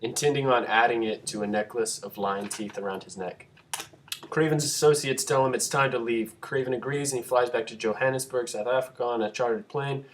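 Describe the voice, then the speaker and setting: Young male podcast co-host, mid-pitched, casual, reads his own script and gets loud when he jokes. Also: a little fast, slight background noise. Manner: animated, bursts into laughing shouts. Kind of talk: casual chat and script reading.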